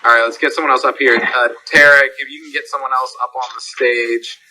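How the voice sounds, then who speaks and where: Host of a live voice chat, male, very bright tone, slangy and profane, yelps into high voices to act out quotes. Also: fairly even intonation, fairly quick, rough recording. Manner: slangy, swearing, acts out loud high-pitched quotes in stories. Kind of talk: casual group voice chat.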